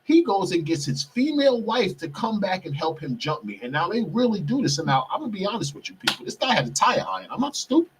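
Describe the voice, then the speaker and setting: A man's voice: sits high, sing-song, quick pace, few pauses, slight background noise. A man hosting a podcast, telling a heated personal story, profane and repeatedly calling out to his listeners as "people". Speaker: podcast host. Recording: distant mic, husky sound.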